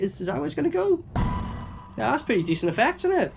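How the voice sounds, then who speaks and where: A man's voice: extremely high pitch, sing-song, fairly quick, creaky, over music. A man giving a casual, sweary running commentary as he reviews a film. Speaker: movie reviewer.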